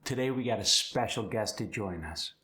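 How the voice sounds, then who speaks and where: A man's voice: lowish voice, lively intonation, normal speed, bright, forceful tone. A man teaching an in an upbeat, step-by-step tutorial. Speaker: accent coach. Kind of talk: instructional tutorial.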